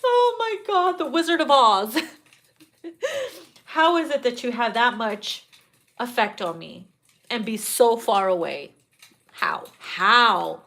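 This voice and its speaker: A woman's voice: a little high, takes it slowly, pauses often. A woman giving a casual tarot reading, swearing freely and laughing often. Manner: profane, laughing, animated. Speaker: tarot reader.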